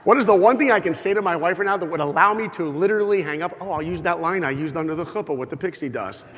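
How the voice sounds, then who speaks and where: A middle-aged man speaking to an audience in a large hall, his voice carried on a long, ringing reverb. He tells stories with humor and animation, slipping into little acted-out exchanges. His voice sits a bit on the higher side for a man. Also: fast. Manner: animated, humorous, acts out dialogue. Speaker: speaker giving an inspirational talk. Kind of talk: lively storytelling talk to a live audience.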